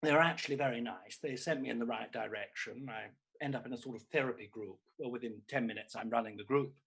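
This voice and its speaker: A man's voice: mid-range voice, fast talker, creaky, a bit bright, slightly rough. A man doing a comedy character act as a grandiose, needy aging theatrical diva who talks in a camp, theatrical way and calls everyone darling. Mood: melodramatic.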